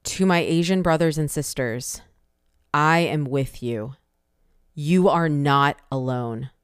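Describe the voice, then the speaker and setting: A woman's voice: low voice, takes it slowly, smooth, no room sound, clean studio sound. A young Asian American woman giving an impassioned personal statement, emphatic and pointed, with insistent repeated phrases.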